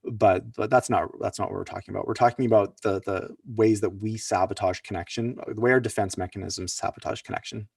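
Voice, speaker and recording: A man's voice: lowish voice, steady tone, brisk, creaky, hardly any pauses, a little mellow, husky, no room sound, studio quality, distant mic. A man presenting at an online workshop, talking loosely with many fillers and restarts. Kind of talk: casual online teaching talk.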